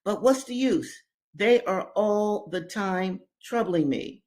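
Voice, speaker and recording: A high, plaintive boy's voice, young and earnest, sad and gentle as he pours out his troubles, as a woman reader puts him on. The voice sits well above her own, and it comes slowly and softly. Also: animated. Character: sad, gentle twelve-year-old enslaved boy.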